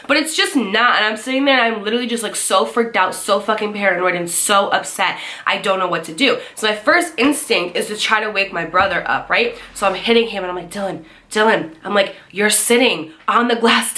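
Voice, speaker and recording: A young woman telling a scary story to her viewers, animated and swearing, acting out the voices of the people in it. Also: medium pitch. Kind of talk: storytime chat to camera.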